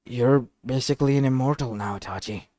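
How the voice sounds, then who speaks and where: A man voicing an earnest young male genius inventor, speaking in a hushed, subdued way in a fan-made storybook reading. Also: mid-range voice, a little fast, no room sound, studio quality, close to an everyday voice. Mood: sad.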